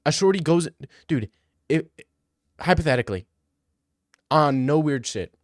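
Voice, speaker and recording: A man's voice: fairly high pitch, expressive, unhurried, dry recording, studio quality. A young man rambling through crude comedic riffs, laughing as he goes.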